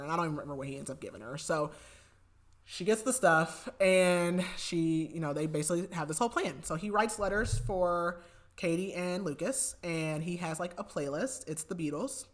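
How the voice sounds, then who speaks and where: A woman's voice: low-pitched, fairly quick. A woman podcast host casually retelling a book's plot, chatty and full of fillers. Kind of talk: casual book recap.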